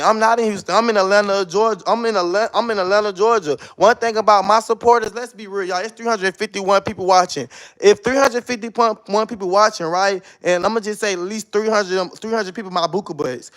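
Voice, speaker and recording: A high-voiced man talks into his phone on a live stream. He sounds defensive and circles back to the same points again and again. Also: steady tone, a little fast, a bit bright. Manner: defensive, repeats himself. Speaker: livestreamer.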